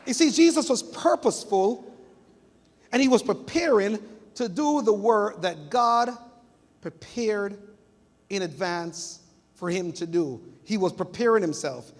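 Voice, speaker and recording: A middle-aged man from Jamaica preaching a sermon as pastor, telling stories in an animated way and acting out family members' voices. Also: high voice, a little slow. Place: church sanctuary. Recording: long church hall reverb.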